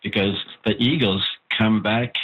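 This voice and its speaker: A man, an author of a language book, giving measured, explanatory interview answers with pauses. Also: fairly low pitch, fairly even intonation, slightly rough. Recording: tinny phone-like line.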